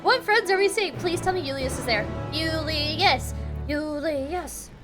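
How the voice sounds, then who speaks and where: A young woman streaming a game, chatting casually in an excitable, gushing way. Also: very high-pitched, fast, music in the background. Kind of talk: casual live-stream chat.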